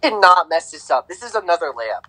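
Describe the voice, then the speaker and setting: A man's voice: fairly high pitch, very animated, brisk, pushed and bright, dry recording, low-quality recording. A young man co-hosting a casual podcast, playfully teasing the others. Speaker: co-host. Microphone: remote call mic.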